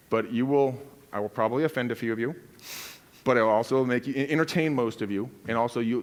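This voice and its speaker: Man quizzing a seminar audience. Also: medium pitch. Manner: direct, asks the audience questions. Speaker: real estate agent on a panel. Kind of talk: live seminar teaching.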